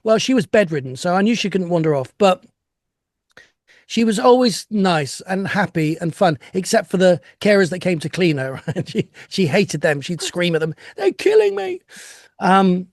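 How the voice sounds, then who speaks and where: A man's voice: high voice, normal speed, no room sound, studio quality. An older man speaking reflectively over a video call from home as an interview guest, with laughs and restarts. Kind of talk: casual chat.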